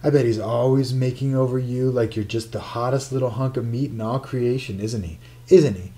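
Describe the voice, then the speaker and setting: A man's voice: mid-range voice, steady tone, moderate pace, mellow, close to an everyday voice. A man voicing a jealous, angry male lover who sounds bitter and accusing.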